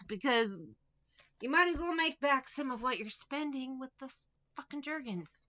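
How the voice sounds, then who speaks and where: A woman chats through a tarot reading in a bright, slightly high voice, swearing freely and mocking the people she talks about. The recording sounds dull and lo-fi. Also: lively intonation, normal speed. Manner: profane, blunt and mocking. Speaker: tarot reader. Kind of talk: casual spoken tarot reading.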